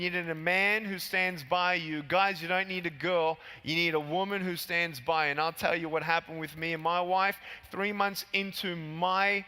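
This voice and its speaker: A man's voice: fairly even intonation, moderate pace, few pauses, pushed and bright, smooth. Emphatic man speaking in a big reverberant hall. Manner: emphatic, punchy, rises high when stressing points. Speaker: keynote speaker. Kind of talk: motivational keynote speech. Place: large convention hall.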